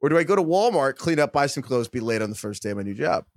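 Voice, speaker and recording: A man's voice: mid-range voice, quick pace, no echo, studio quality. A man co-hosting a podcast, reading listener emails aloud and acting out the quoted lines. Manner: animated storytelling, acts out quoted lines.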